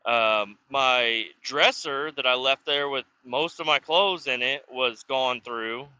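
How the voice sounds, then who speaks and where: Sharp-voiced man swearing through a story. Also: medium pitch, takes it slowly, smooth, no echo, lo-fi sound. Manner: profane, rambling, full of restarts and acted dialogue. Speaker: vlogger telling stories. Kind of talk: casual rambling storytelling. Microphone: self-recorded camera or phone mic.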